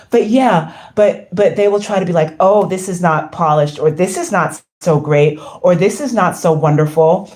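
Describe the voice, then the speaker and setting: An American woman with a lowish, darkish voice hosts a casual livestream, reading the chat aloud. She's effusive and rambling, with lots of ums and other fillers.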